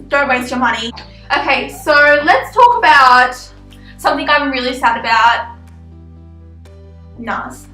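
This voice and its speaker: Blunt, high-voiced woman vlogger. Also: sharp tone. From Australia. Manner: blunt, ranting, swears freely. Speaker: beauty vlogger. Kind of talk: casual product review vlog. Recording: echoey room with faint music.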